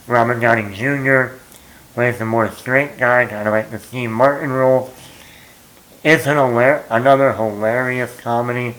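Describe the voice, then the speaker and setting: A man with a medium-pitched, slightly bright voice chats casually as a movie vlogger, rambling through a story full of fillers and poking fun at himself. The audio quality is poor.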